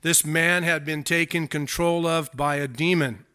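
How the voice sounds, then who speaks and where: A man's voice: a little high, steady tone, a little slow, bright, forceful tone, smooth. A male pastor preaching a sermon, reading scripture aloud and adding joking asides.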